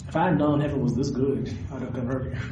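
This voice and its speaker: A man preaching a sermon, animated and questioning his audience directly. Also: mid-range voice, quick pace, dull audio, background noise. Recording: echoey hall recorded from a distance.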